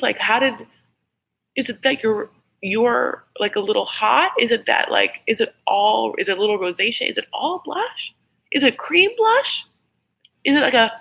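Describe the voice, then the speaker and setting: In a low-quality recording, a woman with a bright, forceful mid-range voice hosts a casual live YouTube episode reaction. She's chatty and rambling and swears freely.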